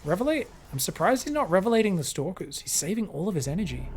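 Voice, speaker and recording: A young man doing solo live commentary on a strategy game, animated and profane, drifting into rambling asides between plays. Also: high-pitched, fast talker, background noise. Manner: animated, swears freely, drifts into rambling stories. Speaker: esports caster.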